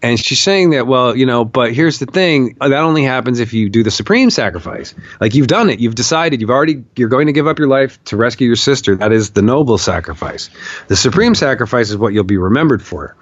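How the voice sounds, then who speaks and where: A man's voice: mid-range voice, expressive, fairly quick, no echo. Emphatic man telling a story, muffled audio. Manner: emphatic, profane, repeats phrases for stress. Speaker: podcast guest. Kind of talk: conversational storytelling. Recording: dull, muffled podcast audio.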